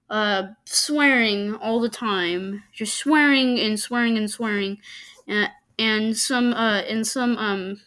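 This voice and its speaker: A woman giving casual reaction commentary to videos, arguing her points with frequent stops and restarts. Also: on the high side. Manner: halting, argumentative, many restarts.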